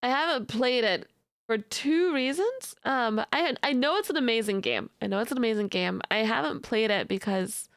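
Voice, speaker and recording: Young woman streamer, high and unhurried, giggly and teasing, dry close sound. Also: animated, vocal fry, fairly bright tone, dry recording. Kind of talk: casual live-stream chat.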